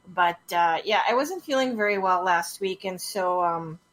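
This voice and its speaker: A woman hosting a casual podcast, playful and quick to laugh. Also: lowish voice. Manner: giggly, playful. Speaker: podcast host.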